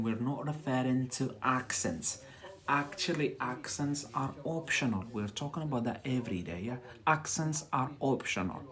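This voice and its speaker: A man teaches a live lesson at an unhurried pace. He repeats words over and over and checks in with a quick "yeah?", coaching like a patient tutor. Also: mid-range voice. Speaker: English teacher. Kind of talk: livestreamed English lesson.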